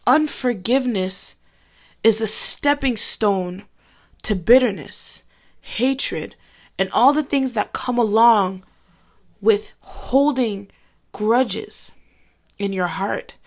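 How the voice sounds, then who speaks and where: A Christian woman with a slightly high voice gives a personal faith testimony. She's candid and conversational, slowing certain phrases down for emphasis.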